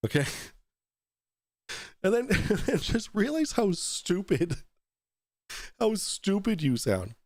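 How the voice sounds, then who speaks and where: A man's voice: high-pitched, big pitch swings, takes it slowly, long pauses, dry recording, clean studio sound. Profane ranting male talk show host. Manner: profane, exasperated, mocking. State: tipsy from taking shots. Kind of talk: ranting commentary.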